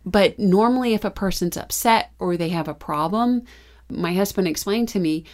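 A middle-aged woman chatting casually about family life. She tells stories in an animated way, laughing as she goes. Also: mid-range voice, moderate pace. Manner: animated storytelling, frequent laughs. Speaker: mother and co-host. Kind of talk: casual conversation.

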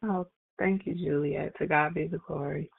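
A woman's voice: sits low, steady tone, moderate pace, vocal fry, husky, no room sound. Woman hosting a call over a phone line. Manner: warm, affirming, repeats praise phrases. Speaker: prayer call host. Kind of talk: casual phone call greetings.

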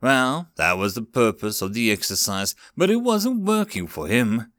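A man narrating a story aloud in an expressive, lively reading. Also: mid-range voice, measured pace, no echo, clean studio sound.

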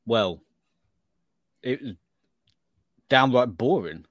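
A man's voice: medium pitch, lively intonation, drawn-out words, dry recording. A middle-aged man telling a wry story in casual chat on a podcast.

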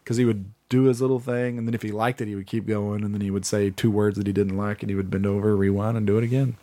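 A man's voice: on the low side, level tone, fast talker, mellow. A man co-hosting a podcast in casual chat, rambling and swearing as he tells stories. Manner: rambling, profane, slips into put-on voices. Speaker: podcast co-host.

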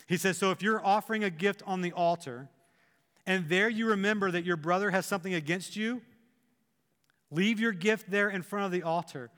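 A man preaching a sermon as pastor, animated and acting out the imagined thoughts of his listeners. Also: sits high, normal speed, big-room sound.

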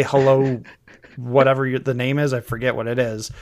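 A man's voice: mid-range voice, level tone, normal speed. A man co-hosting a casual film review chat, critical and picking apart the dialogue. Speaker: podcast co-host.

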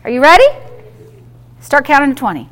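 High, bright-voiced woman pastor preaching. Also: sing-song, fairly quick. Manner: emphatic, call-and-response preaching. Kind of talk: sermon.

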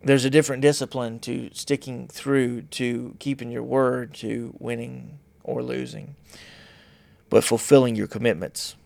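A man with a gravelly, fry-edged voice talks in a rambling, blunt monologue, often mocking himself. His pitch sits in an ordinary middle range, and the sound is dry and close. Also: flat delivery, a little slow, a little mellow, dry recording. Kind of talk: casual monologue.

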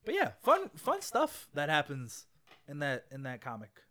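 A man's voice: a little high, wildly swooping pitch, a little slow, bright, forceful tone. A man in casual chat with a laid-back manner, reacting briefly and passing the turn to a friend.

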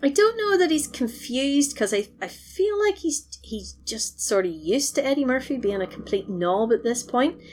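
A woman, retelling a film in casual chat, animated and quick to laugh. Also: sits high. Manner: animated storytelling, laughs often. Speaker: podcast host recapping a film.

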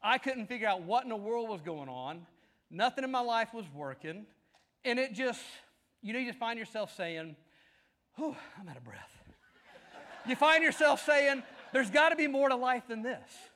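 A preacher with a drawl and a strikingly high voice, delivering a sermon to his congregation. He tells stories with rising energy, climbing into excited shouts at the peaks before settling back down. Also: moderate pace. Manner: animated storytelling, shouting at climaxes. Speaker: pastor.

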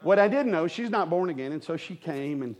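A man's voice: on the high side, animated, a little mellow, a little hiss or hum. Male pastor, folksy and joking, tells personal stories from the pulpit to a live congregation. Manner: folksy, humorous storyteller with quick asides to the congregation. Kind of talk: storytelling sermon. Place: church sanctuary with a live congregation.

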